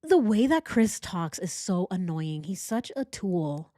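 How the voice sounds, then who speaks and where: A woman's voice: fairly low pitch, very animated, unhurried, hardly any pauses, mellow, no echo, clean studio sound. A woman hosting a true crime commentary, sarcastic and exasperated as she goes through evidence. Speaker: true crime channel host.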